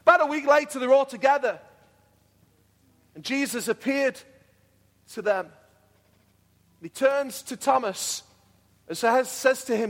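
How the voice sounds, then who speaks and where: A man's voice: very high-pitched, animated, slow pace, pauses often. A man preaching a sermon as pastor, earnest and repetitive, building to fervent declarations. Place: church hall. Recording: long hall reverb.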